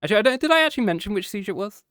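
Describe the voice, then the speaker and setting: A man's voice: sits high, very animated, rapid-fire, a bit bright, smooth, no room sound, studio quality. A man streaming a casual chat with his viewers after a history lesson, playful and teasing, often slipping into meows and growls.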